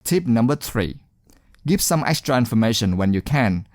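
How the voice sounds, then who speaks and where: A man teaching exam speaking skills in scripted narration, encouraging and deliberate, stressing key words. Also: mid-range voice, very animated, a little mellow, dry recording, studio quality.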